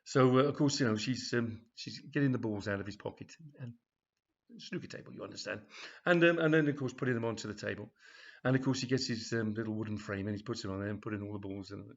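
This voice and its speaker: A man reading a comic story aloud, rambling and chuckling, with a husky voice. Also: fairly low pitch, fast talker. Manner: rambling, full of ums and chuckles. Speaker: comedy storyteller. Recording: dull, lo-fi home recording.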